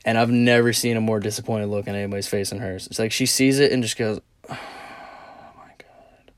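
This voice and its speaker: A young man hosting a casual solo podcast, telling a story in a rambling, profane, animated way from a small closet. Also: fairly low pitch, fast talker. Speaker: podcast host.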